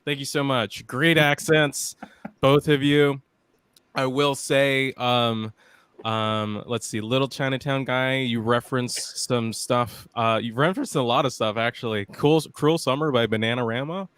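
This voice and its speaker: A man judging a comedy debate, hesitant with many pauses. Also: mid-range voice, fairly even intonation, a bit bright, clean tone, dry recording. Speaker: panel judge.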